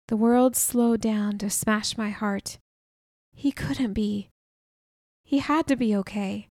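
A woman's voice: mid-range voice, steady tone, slow pace, a little mellow, no echo. A woman narrating a first-person novel chapter in an earnest, emotional storytelling manner. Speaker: audiobook narrator. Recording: dry close studio sound.

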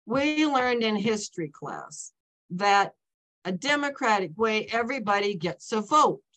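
A woman's voice: mid-range voice, animated, measured pace, a bit bright, rough recording. A woman voicing an indignant young schoolboy who protests and argues his point.

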